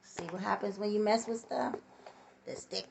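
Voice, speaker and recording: Gravelly-voiced middle-aged woman vlogging. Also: medium pitch, moderate pace, slight background noise. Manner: candid, reflective, blunt with swearing. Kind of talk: casual personal monologue. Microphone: phone on a tripod.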